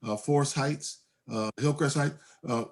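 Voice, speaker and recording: A man co-hosting an online community meeting as a state delegate, talking in halting bursts with many restarts, over a video call. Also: medium pitch.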